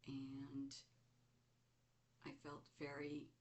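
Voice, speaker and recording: A middle-aged woman hosting a show, slowly and reflectively telling a personal story. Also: a bass voice. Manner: slow, reflective, animated when recounting. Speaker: host. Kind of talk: casual spoken storytelling.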